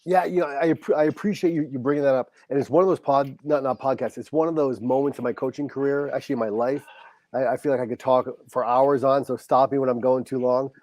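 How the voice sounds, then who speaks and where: A middle-aged man, a high school football coach, telling a heartfelt story as a podcast guest and acting out the dialogue. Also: fairly even intonation, quick pace, darkish tone. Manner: earnest, heartfelt, reenacts dialogue.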